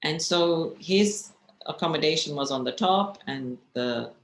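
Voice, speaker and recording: A woman, a spiritual teacher, telling stories in a gentle, reflective way and asking her listeners questions. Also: low voice, lively intonation, unhurried. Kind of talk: storytelling talk. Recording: echoey room with faint noise.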